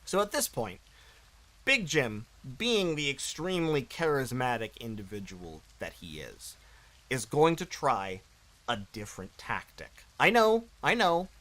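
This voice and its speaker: A man's voice: mid-range voice, sing-song, unhurried, bright, forceful tone, poor audio. Guy doing a let's play, reads the game text, chatty and jokey, corrects himself a lot. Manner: chatty, self-correcting, playful. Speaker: gaming channel host.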